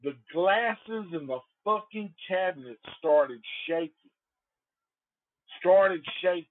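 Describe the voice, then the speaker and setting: A man hosting a podcast, telling a story in a rambling, profane, animated way. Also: fairly high pitch. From Antioch. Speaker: podcast host. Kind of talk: casual storytelling. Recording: phone-like lo-fi audio.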